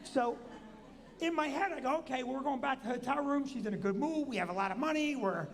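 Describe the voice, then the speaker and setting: Jersey guy telling a story on a live show, loud jumps into voices, echoey hall. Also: fast. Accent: New Jersey. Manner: animated, acts out quotes with big pitch jumps. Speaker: comedian and show host. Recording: long hall reverb.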